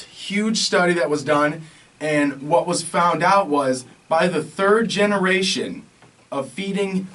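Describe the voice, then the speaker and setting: A man co-hosts a casual podcast and goes on emphatic, rambling rants. His voice is a bit high, and he is heard from some distance off the microphone. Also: a bit bright. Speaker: podcast co-host.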